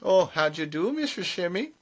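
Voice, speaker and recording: A man's voice: sits high, big pitch swings, moderate pace. A man voicing a jolly, gossipy old village witch who chats in a folksy, exclamatory way. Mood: chatty.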